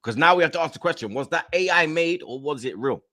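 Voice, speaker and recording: A man co-hosting a casual football chat, animated and quick to laugh. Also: on the high side. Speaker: podcast co-host. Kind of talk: casual banter.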